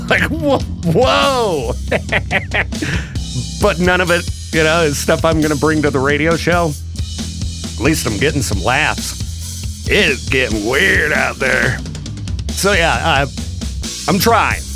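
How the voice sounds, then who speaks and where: A man hosting a morning radio show, chatting casually and joking with frequent laughs. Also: medium pitch. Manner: animated, joking, laughs often. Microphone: studio microphone.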